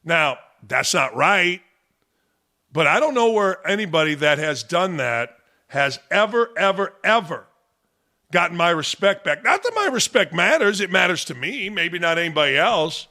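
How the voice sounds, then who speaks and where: A man's voice: high-pitched, animated, normal speed, pushed and bright. A man hosting a sports talk show, giving blunt, combative opinions. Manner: blunt and combative, talks back to the audience.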